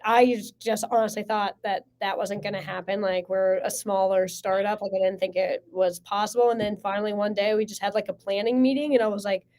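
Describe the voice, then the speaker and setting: A woman in her twenties, a sports media guest, telling stories in casual podcast chat with lots of "like" and excited bursts. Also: mid-range voice, a little fast, hardly any pauses. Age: 20s. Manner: excited, heavy use of "like", lively storytelling.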